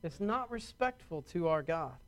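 A man's voice: fairly high pitch, expressive, normal speed. A man preaching a sermon to his congregation in a conversational way, often restarting and repeating words and asking the congregation questions. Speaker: pastor.

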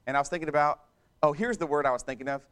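A man's voice: fairly high pitch, rapid-fire, fairly bright tone, clear, resonant tone. A man preaching a sermon in a conversational way, repeating and restarting phrases and turning to the congregation with asides.

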